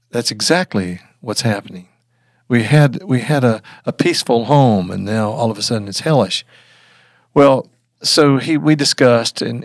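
A man's voice: mid-range voice, no echo, clean studio sound. Earnest older man telling a story. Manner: earnest, halting with restarts. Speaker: guest. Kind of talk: storytelling in an interview.

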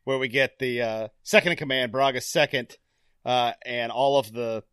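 A man hosting a casual movie discussion podcast, quick to joke and slip into voices. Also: mid-range voice, steady tone, fairly bright tone, clear, resonant tone, no echo. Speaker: podcast host.

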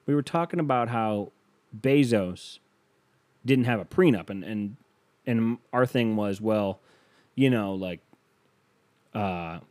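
A man's voice: fairly low pitch, warm tone, no echo. Profane, riffing man on a podcast. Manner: profane, riffing, self-amused, voice jumping up when worked up. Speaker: podcast host. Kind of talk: casual solo podcast rant.

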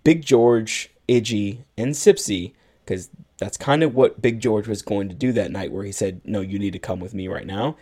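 Male podcast co-host with a lowish voice, retelling a movie in easy chat. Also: normal speed, dark tone. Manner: retells a film plot at length, acting out lines of dialogue. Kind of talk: casual movie recap chat.

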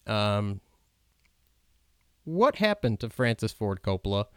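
A man talks over a film in an unscripted commentary, stopping and restarting often with plenty of ums. His voice sits a bit low and sounds clean and smooth. The sound is dry, with no room around it. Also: big pitch swings, no room sound. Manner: halting, many ums and restarts, admiring.

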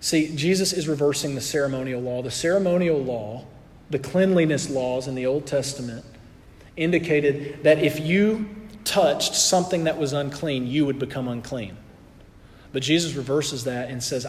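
A man preaching a sermon in an earnest way, building in intensity and then dropping soft. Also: mid-range voice, moderate pace, in a large hall.

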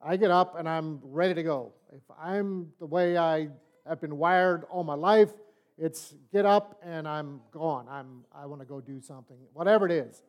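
An older man teaching a Bible study in a relaxed, folksy, conversational way, telling stories. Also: a little high, moderate pace. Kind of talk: sermon-style storytelling and teaching.

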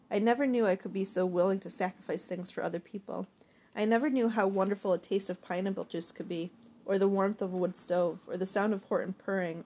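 A woman narrating a first-person, diary-style novel in a reflective, even manner. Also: medium pitch. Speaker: audiobook narrator.

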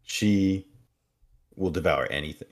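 Deep-voiced man recapping a show. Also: slow pace. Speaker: podcast co-host. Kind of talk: casual episode recap.

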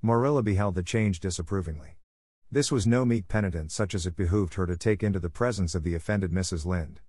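Low-voiced male audiobook narrator. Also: a little fast, a little mellow, dry recording, studio quality.

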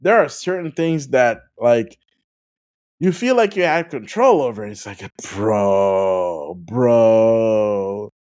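Casual gaming podcast host, animated storyteller, lively swooping pitch. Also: normal speed. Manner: animated, full of "like" fillers; laughs through stories.

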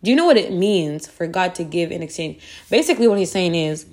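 A woman's voice: lowish voice, lively intonation, fairly quick, darkish tone. A woman hosting a devotional podcast, speaking earnestly and repeating phrases for emphasis. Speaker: faith podcast host.

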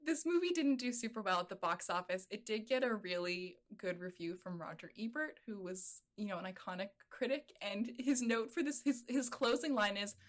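A woman's voice: mid-range voice, normal speed, few pauses. Chatty woman gushing about a movie. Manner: chatty, laughs often, acts out quotes. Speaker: podcast co-host. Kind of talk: casual chat about a movie.

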